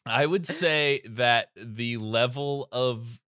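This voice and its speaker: A man's voice: mid-range voice, very slow, sharp tone. A young man co-hosting a podcast, joking and self-mocking, often trailing off into mumbles. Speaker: podcast co-host. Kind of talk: casual chat.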